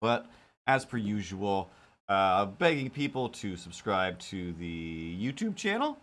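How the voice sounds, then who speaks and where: A man's voice: lowish voice, sing-song, takes it slowly, fairly bright tone. A man hosting a casual live stream while drawing, talking in a rambling, self-deprecating way with lots of fillers. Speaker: live-stream host and cartoonist.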